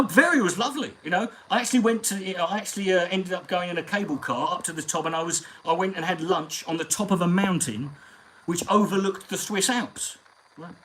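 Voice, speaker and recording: Picture a man chatting casually to his live stream audience, his voice pitched slightly above the usual male range. He drifts through stories and sprinkles them with swearing. A faint background hum sits under his voice. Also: a bit bright, low-quality recording. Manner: profane, rambling storyteller. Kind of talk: casual anecdotal chat.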